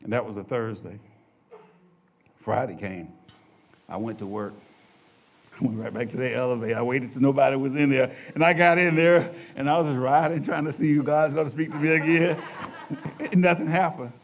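A man's voice: mid-range voice, moderate pace, pauses often. Older man telling a dramatic testimony. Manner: dramatic storytelling, swings between hushed and loud. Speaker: testimony speaker. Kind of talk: emotional spoken testimony. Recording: dull lo-fi recording.

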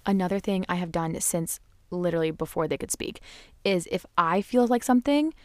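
A young woman chats candidly about parenting, her voice sitting a bit low for a woman. She talks loosely, full of "like" and "you know", and slips into her kids' voices when quoting them. The sound is close and dry. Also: fairly quick, a little mellow, no room sound. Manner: acts out her children's voices in quotes. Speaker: parenting podcast host. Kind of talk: casual chat.

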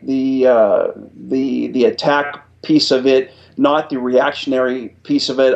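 A man's voice: medium pitch, darkish tone. Middle-aged man from Ohio, dull recording. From Ohio, USA. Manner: earnest storyteller, frequent restarts. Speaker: guest, retired Air Force chief master sergeant. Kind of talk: storytelling interview answers.

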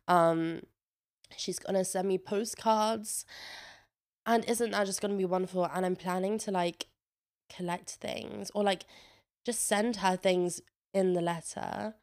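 Fairly low and darkish in tone, this young woman's voice carries a slight congestion as she chats in a casual vlog. She swears freely and leans on "like" a lot, speaking into her own noise-gated microphone.

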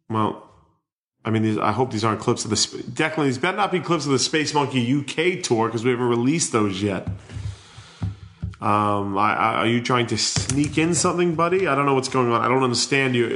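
Brief: male podcast host, mid pitch, loose and joking. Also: fairly bright tone. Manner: rambling, joking intro. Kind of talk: casual chat.

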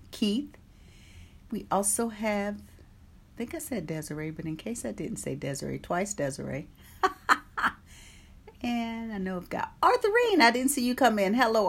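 A woman hosting an online meditation group, chatting casually, greeting viewers by name and reading from an oracle card. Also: mid-range voice. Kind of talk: casual live-stream chat and card reading.

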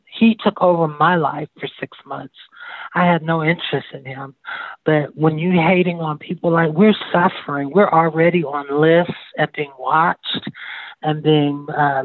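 A woman's voice: sits low, no echo. Woman from Baltimore, phone-interview guest, earnest and rambling, narrow phone-line sound. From Baltimore, United States. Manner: earnest, rambling, repeats and restarts often. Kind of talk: phone interview, personal account. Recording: tinny phone line, dry.

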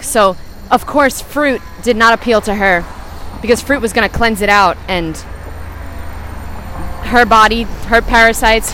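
A woman's voice: medium pitch, fairly bright tone, slight background noise. A woman in her forties telling a personal story as a motivational podcast host, earnest and emphatic, speaking straight to her listeners.

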